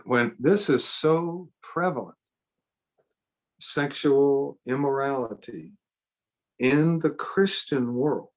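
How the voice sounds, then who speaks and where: A man teaching a seminar in a sermon style, earnest and emphatic, repeating phrases for stress. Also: medium pitch. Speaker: seminar speaker.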